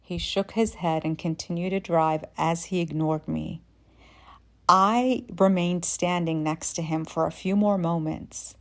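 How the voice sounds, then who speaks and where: A woman from Yemen in her forties telling a personal story in a measured, reflective way. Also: on the low side, steady tone. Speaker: podcast host.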